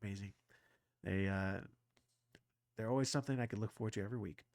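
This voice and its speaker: Guy rambling about stuff he's a fan of, lots of restarts, kinda low voice, dry close sound. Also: fast talker, no echo. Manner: rambling with many restarts, excitable fanboy. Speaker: anime reaction channel host. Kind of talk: casual rambling monologue.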